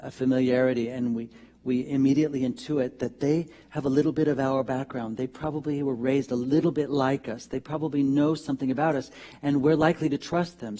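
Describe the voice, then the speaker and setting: A man preaching a conversational, humorous sermon as minister in a church. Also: medium pitch. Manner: conversational, humorous, animated asides. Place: church sanctuary.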